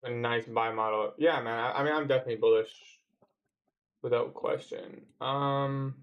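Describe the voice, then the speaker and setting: A young Canadian man with a Toronto accent talks through a trading livestream. His speech is relaxed and slangy, and his pitch sits in a mid range. He answers viewers' questions in an offhand way. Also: fairly quick, lo-fi sound. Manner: laid-back slangy talk, reads out and answers chat. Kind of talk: casual livestream chat.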